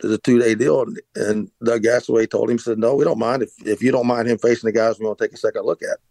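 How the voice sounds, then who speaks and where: A man's voice: mid-range voice, fairly even intonation, fast talker, vocal fry, dark tone, dry recording. A middle-aged man hosting a podcast, telling a long story casually, with frequent restarts and filler words. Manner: rambling, many restarts and "uh"s. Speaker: podcast host, former pitcher.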